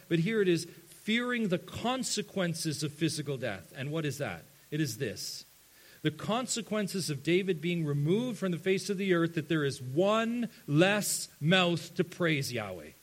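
A man preaching a sermon to his church, earnest, dropping to hushed tones and rising to emphatic ones. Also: fairly high pitch. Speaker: pastor.

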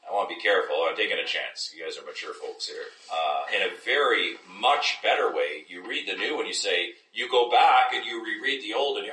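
A man leads a Bible class in a very low voice with a bright, forceful edge. He keeps drawing his listeners in with questions as he teaches. He is recorded from a distance in an echoey room. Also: fairly quick, hardly any pauses. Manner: engaging, checks in with listeners often. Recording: echoey room, distant mic, faint noise.

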